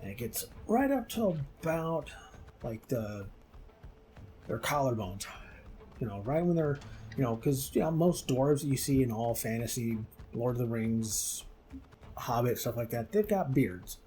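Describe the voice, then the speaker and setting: A man's voice: mid-range voice, sing-song, measured pace, warm tone, a little hiss or hum. A man hosting a game video, casually retelling a myth with lots of fillers. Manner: rambling, many fillers. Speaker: gaming channel host.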